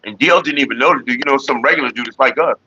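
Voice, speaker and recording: A middle-aged man hosting a casual livestream, talking in a rambling, profane way with animated retellings. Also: mid-range voice, rapid-fire, slightly rough, no room sound, dull audio. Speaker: livestream host.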